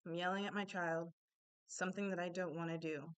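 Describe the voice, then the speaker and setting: A woman's voice: lowish voice, steady tone, a little fast, clear, resonant tone. A young adult woman giving a casual, chatty self-help talk, candid and full of asides.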